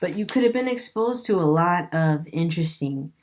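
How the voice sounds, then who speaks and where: Low-voiced woman giving a chatty tarot reading. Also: animated, moderate pace, a little mellow, a little hiss or hum. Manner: chatty, musing aloud, laughs often. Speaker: tarot reader. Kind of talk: casual tarot reading monologue.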